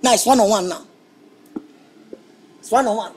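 An actor with a Nigerian English accent playing a brash young electrician who mocks and repeats himself in stammering bursts. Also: male voice, high voice, moderate pace, a little mellow, slight background noise, lightly acted, low-quality recording. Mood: taunting. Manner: mocking, indignant, stammering repetitions. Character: brash young male electrician, taunting and touchy. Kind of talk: film acting.

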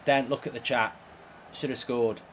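A man's voice: medium pitch, fairly even intonation, normal speed, fairly bright tone, a little hiss or hum. A man with a heated, swear-filled delivery, hosting video game commentary. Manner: exasperated, swears often. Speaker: host.

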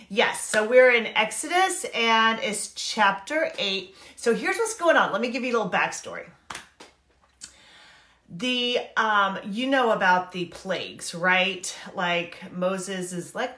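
A woman giving a casual, animated Bible talk, chatty and acting out characters in quick asides. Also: medium pitch, echoey room. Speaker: Bible teacher and life coach. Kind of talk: casual Bible teaching to camera.

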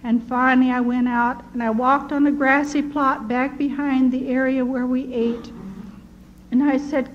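An older woman giving an earnest personal testimony, telling her story in a measured way with restarts. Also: high-pitched, level tone. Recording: dull lo-fi recording with faint noise.

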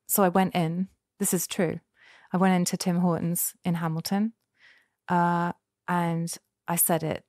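A woman's voice: fairly low pitch, a little slow, no room sound. Playful woman guest in a dry room. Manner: animated, playful, breaks into character voices. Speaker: guest performer. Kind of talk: casual interview chat.

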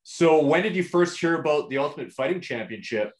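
A man's voice: on the high side, animated, a little fast. A man hosts a casual podcast interview and keeps the guest talking with short, encouraging replies. His voice sits in a roomy, echoing space a little away from the mic. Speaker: podcast host.

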